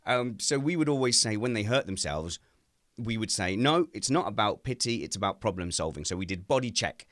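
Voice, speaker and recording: A man chatting casually on a home video call, telling animated family stories and jumping into silly high voices when he quotes people. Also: fairly quick, dry recording, studio quality. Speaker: podcast co-host. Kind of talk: casual chat. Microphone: home mic on a video call.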